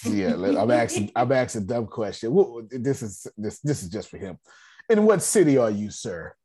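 A man hosting a casual personal finance class on a video call, slangy and animated, talking straight to his group. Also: lowish voice, normal speed, husky.

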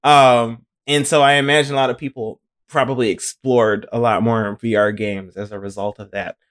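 A man's voice: mid-range voice, little pitch movement, moderate pace, fairly bright tone. Podcast host guy, mid voice, kinda stumbly, laughs a lot. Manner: hesitant, stumbles and laughs while asking questions. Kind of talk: casual podcast chat.

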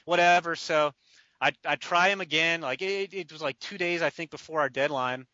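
A man co-hosting a podcast, telling a story in a casual, animated way with laughs. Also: a little high, moderate pace, dry recording. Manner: animated, laughing, acts out quotes. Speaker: podcast co-host, draft writer. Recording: dull lo-fi dry podcast audio.

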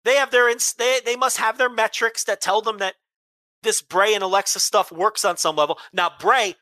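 A male podcast host in a blunt, exasperated rant, swearing freely. His voice is bright and sharp. The recording is dry and close. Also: high-pitched, steady tone, moderate pace, no echo. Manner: blunt, profane, exasperated ranting. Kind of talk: casual chat, ranting.

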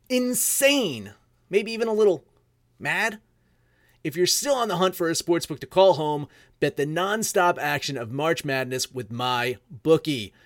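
A man reads a betting sponsor spot with salesy enthusiasm. His voice sits high for a man. The sound is close and dry. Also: a bit bright, no echo. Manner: upbeat, salesy. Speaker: ad reader. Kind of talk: read sponsor ad.

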